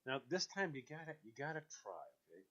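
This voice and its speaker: A man hosting a radio show, chatting casually with a co-host, joking and animated. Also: on the high side, lo-fi sound. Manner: animated, joking, quick bursts of excitement; laughs often while talking.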